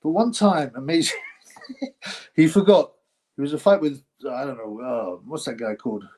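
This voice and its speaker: A man's voice: mid-range voice, moderate pace, dark tone. A middle-aged man, hosting a casual live stream, reading viewer comments aloud, rambling and laughing often. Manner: rambling, laughs often, breaks into mock announcer voices.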